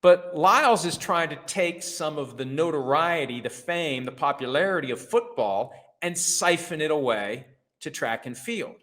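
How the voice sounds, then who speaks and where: A man's voice: a little high, animated, moderate pace, hardly any pauses, fairly bright tone. A middle-aged man hosting a sports talk show, giving blunt, sarcastic opinions with casual swearing. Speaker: host.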